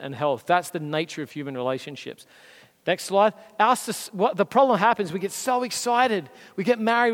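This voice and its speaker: Australian man preaching in a reverberant hall. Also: fairly high pitch. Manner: earnest, conversational preaching with emphatic rises. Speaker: pastor. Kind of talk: sermon. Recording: long reverb of a large hall.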